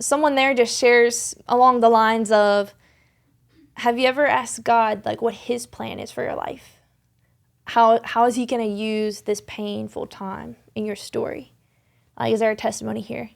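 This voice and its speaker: A young woman with a fairly high pitch and vocal fry is a guest in a podcast studio, sincerely recounting a story about her faith. Her speech wanders, with frequent fillers and restarts.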